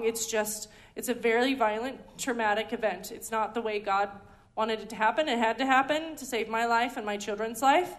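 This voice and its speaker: A woman's voice: fairly high pitch, fairly quick, few pauses, a bit bright. Chatty woman teaching a ministry class. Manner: chatty, frequent ums and restarts. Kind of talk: conversational teaching talk. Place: indoor teaching hall.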